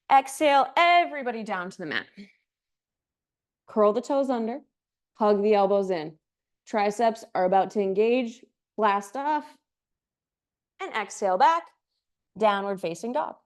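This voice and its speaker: A woman teaching a yoga class, calling poses in time with the breath and slipping in chatty asides; she is out of breath from moving. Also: fairly high pitch. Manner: breath-paced cues, chatty asides with light laughs. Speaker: yoga instructor. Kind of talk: cueing a live yoga class.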